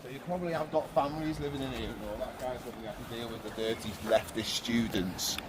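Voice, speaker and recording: Male companion, casual blunt street chat, mid pitch, clear traffic noise around. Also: quick pace. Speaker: local companion on a walk. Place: outdoors on a city street.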